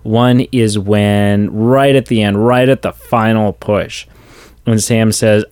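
A man's voice: fairly low pitch, steady tone, slow, darkish tone, clean tone, no echo, clean studio sound. A man co-hosting a podcast in casual movie chat, gushing with enthusiasm and acting out favorite lines. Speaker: podcast co-host.

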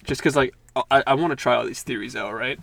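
A young man in his twenties talks on a podcast in a relaxed, crude, storytelling way. His voice sits in a middle pitch, and he laughs easily between points. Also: fast, creaky. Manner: laid-back, crude, laughs often. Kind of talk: casual storytelling chat.

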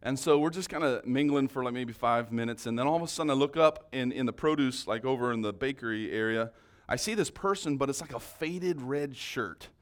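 A man's voice: medium pitch, fairly quick. A man preaching a sermon, telling a story in a casual, conversational way with many restarts. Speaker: pastor.

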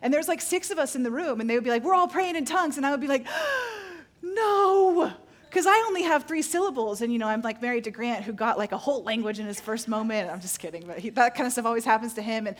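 A middle-aged woman pastor preaches with a slightly higher voice. She tells stories about her own life candidly and pokes fun at herself with playful asides. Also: very fast, few pauses. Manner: candid, self-deprecating storytelling with playful asides. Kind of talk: sermon.

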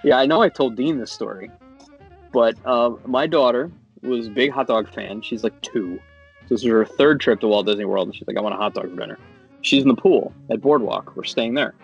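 A man's voice: mid-range voice, moderate pace, vocal fry, husky, highs cut off, faint music behind. A man in his thirties or forties, a father, telling a long story with exasperated asides in a casual chat.

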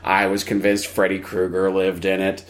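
A man's voice: sits low, monotone, normal speed. Crude joking man telling a story. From New Jersey, USA. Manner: crude, joking storyteller who shouts out quoted voices. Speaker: podcast co-host. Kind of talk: casual chat.

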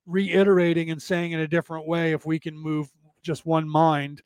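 A man's voice: on the high side, level tone, moderate pace, a little mellow, smooth, no room sound. A man hosting a podcast, explaining a text in a casual, rambling way, often restarting and adding "right?" to check in. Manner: rambling, self-correcting, frequent "right?" tags. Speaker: podcast host.

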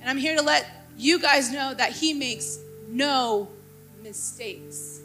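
A young woman pastor preaching with a very high, bright and forceful voice. She speaks passionately and often climbs into fervent, exclaiming bursts. Soft music plays beneath her. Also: slow. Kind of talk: sermon.

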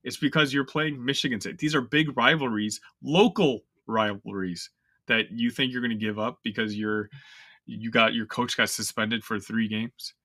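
A man's voice: mid-range voice, normal speed, sharp tone, no echo, clean studio sound. A young man co-hosting a sports podcast, ranting in casual, exasperated chat full of fillers. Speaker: podcast co-host.

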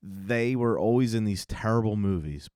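A man's voice: fairly low pitch, moderate pace, a little mellow, clear, resonant tone, no room sound, studio quality. A man co-hosting a podcast, chatting about a movie in a laid-back, joking manner. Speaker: podcast co-host. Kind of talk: casual movie discussion.

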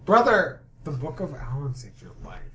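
A man's voice: a little high, wildly swooping pitch, moderate pace, pushed and bright, a little hiss or hum. A man playing a tabletop game, speaking in character with earnest, preachy zeal. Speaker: player.

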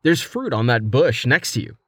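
A man's voice: mid-range voice, big pitch swings, moderate pace, husky, no echo. A man voicing a playful young male adventurer in armor, in a casual, everyday voice. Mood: joking.

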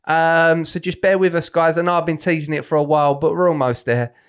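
A man's voice: fairly high pitch, steady tone, a little fast, smooth. A man hosting a podcast, closing the episode in a laid-back, chummy way and calling listeners "mate" and "man". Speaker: podcast host. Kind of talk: casual chat and show sign-off.

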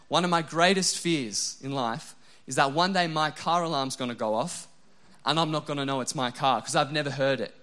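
A young adult male pastor delivers a relaxed, joking sermon. His voice sits fairly high for a man, and he is quick to poke fun at himself, peppering his talk with "like" before turning earnest. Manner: casual, self-mocking humor with frequent "like" fillers.

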